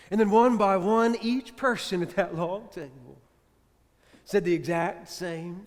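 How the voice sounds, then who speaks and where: A man preaching a sermon as a priest, telling a story with dramatic swings from loud to hushed. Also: sits high, a little slow. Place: church. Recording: reverberant church hall.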